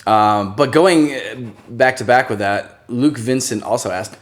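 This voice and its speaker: A man hosting a casual live-stream chat, jokey and quick to laugh. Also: medium pitch, slight background noise. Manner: chatty, laughs often, jokey. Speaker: host of a channel live stream.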